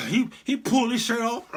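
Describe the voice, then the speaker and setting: A man's voice: very high voice, creaky, background noise. A middle-aged man hosting an online talk show, chatting casually, laughing often and mimicking people as he comments. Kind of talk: casual commentary show reading live chat.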